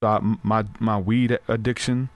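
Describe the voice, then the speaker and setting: A man hosting a podcast, telling a story in a loose, animated way and acting out what people said, with frequent restarts. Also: lowish voice, moderate pace, no room sound. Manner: animated, acts out quoted voices, frequent restarts. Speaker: podcast host.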